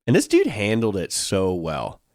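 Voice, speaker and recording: Playful low-voiced podcast co-host. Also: male voice, wildly swooping pitch, unhurried, a little mellow, dry recording, studio quality. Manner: playful, jokey, acts out silly voices. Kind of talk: casual chat.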